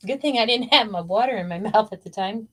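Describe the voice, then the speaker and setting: A woman's voice: a little high, fast. A woman hosting a crafting livestream, chatting casually and teasing while she works.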